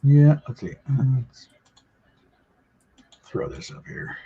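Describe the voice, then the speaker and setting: A co-host in casual chat, answering with brief murmurs and short asides. The voice is husky and a little breathy. Dull lo-fi audio mutes the highs. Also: slow pace. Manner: brief backchannel replies. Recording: dull lo-fi sound.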